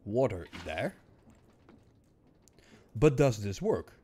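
A man with a hoarse, coughing voice, muttering to himself in casual gameplay commentary and breaking into frustrated outbursts. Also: on the low side, very animated, extremely slow, dark tone. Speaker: gaming streamer.

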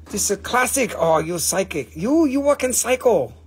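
A man's voice: high-pitched, expressive, very slow, sharp tone, slightly rough, heavily acted. A man putting on a pushy salesman voice with broken grammar. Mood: salesy. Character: pushy male rock salesman with broken English.

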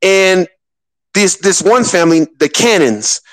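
A man's voice: sits high, animated, unhurried, no echo, low-quality recording. A man, giving impassioned, preachy political commentary on a podcast, full of rhetorical questions. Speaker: podcast co-host.

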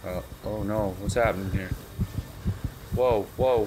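A man's voice: lowish voice, steady tone, measured pace, background noise. A young man giving casual let's-play commentary, jittery and swearing, repeating himself as he plays. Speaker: gamer.

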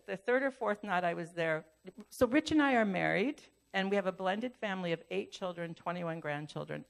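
An older woman preaching a sermon, her voice gravelly with a touch of fry. She tells a story in an animated, lively way, taking on the lines of other people as she goes. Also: mid-range voice. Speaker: pastor.

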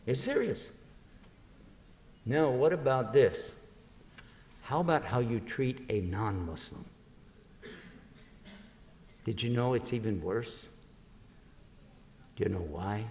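A man's voice: mid-range voice, animated, unhurried, pauses often, a little mellow. A man preaching to an audience in a lecture, acting out little dialogues and quizzing his listeners. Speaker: Islamic preacher giving a lecture. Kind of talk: lively religious lecture to an audience. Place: large university lecture hall. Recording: long reverb of a lecture hall.

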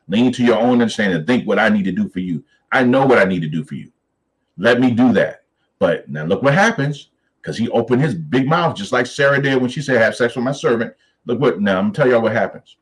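A man with a lowish voice leads a Bible study. He reads scripture slowly and deliberately, then breaks into lively, animated commentary that jumps up in pitch. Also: rough recording.

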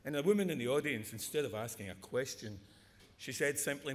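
A man's voice: mid-range voice, brisk. A man giving a joking, rambling awards speech, often restarting his sentences. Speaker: award presenter. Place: large ceremony hall with audience. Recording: echoey hall, audience noise.

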